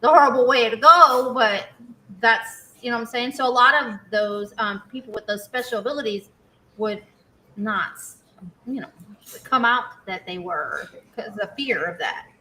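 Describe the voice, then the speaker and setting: A woman's voice: a little high, normal speed, sharp tone, a little hiss or hum, low-quality recording. A woman guest on a paranormal talk show over a video call, speaking conversationally and often checking that she is understood. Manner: conversational, often adds "you know what I'm saying". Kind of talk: casual conversation.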